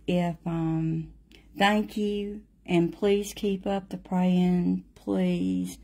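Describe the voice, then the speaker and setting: A woman's voice: on the low side, expressive, extremely slow, darkish tone. A middle-aged woman, teaching a live watercolor lesson and chatting with viewers by name. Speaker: watercolor painting instructor.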